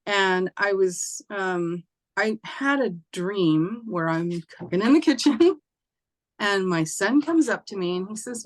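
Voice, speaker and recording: A woman telling a personal ghost story in casual chat, acting out what people said in a lifted voice. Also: slow. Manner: animated, acts out quoted voices with raised pitch; conversational, with fillers and occasional laughs. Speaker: spiritual teacher and host.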